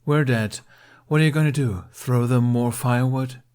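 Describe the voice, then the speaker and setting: A man's voice: medium pitch, normal speed, darkish tone, clean tone, voice pushed up, lightly acted. A man voicing a boastful, cocky young Viking squire who mocks others. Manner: bragging, mocking.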